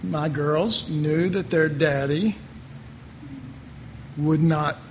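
A man's voice: fairly high pitch, fairly even intonation, extremely slow. A middle-aged man preaching a sermon in a rambling, conversational way, often repeating his words. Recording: reverberant hall, faint ambient noise.

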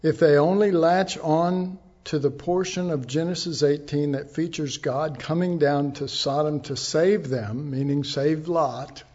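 This pastor preaches in a chatty style, tossing asides and rhetorical questions at his congregation. The lo-fi recording carries a man's slightly high voice with a darkish tone.

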